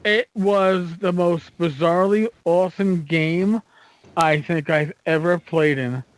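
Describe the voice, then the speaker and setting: High-voiced animated podcast man. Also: low-quality recording. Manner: animated storyteller, halting with fillers. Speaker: podcast co-host. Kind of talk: casual chat.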